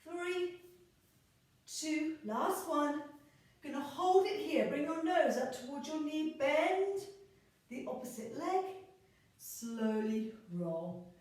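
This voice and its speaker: Pilates instructor, female, slow and unhurried, very echoey room with her a little off the mic. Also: high-pitched, recorded from a distance. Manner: calm, encouraging, counts reps and cues breathing. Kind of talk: guided exercise class instruction.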